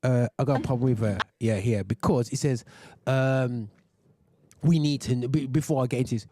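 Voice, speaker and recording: Ranting British male host, dark voice. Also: steady tone, moderate pace, no room sound. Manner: ranting, many restarts, sudden high exclamations. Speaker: radio show host. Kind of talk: heated commentary on a video.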